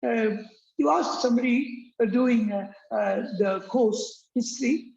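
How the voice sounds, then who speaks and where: A man teaching an English accent lesson, halting with many fillers and restarts, repeating words for drill. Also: very high-pitched, gravelly, a little mellow. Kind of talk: classroom-style lecture. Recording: roomy, dull lo-fi recording.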